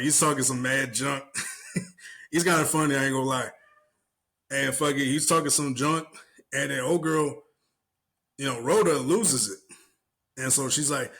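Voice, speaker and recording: A young man co-hosting a podcast, retelling an online argument in casual, profane slang and mimicking the people in it. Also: on the high side. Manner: animated retelling with mimicked voices, cursing, laughing. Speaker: podcast co-host. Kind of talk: casual chat.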